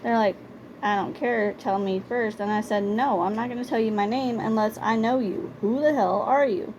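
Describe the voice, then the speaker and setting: Fairly high and mostly even in intonation, this young vlogger's voice is a little mellow and moves at a normal speed. She shares personal stories bluntly and conversationally, leaning on repeated words for emphasis. Slight background noise and poor audio quality mark the clip.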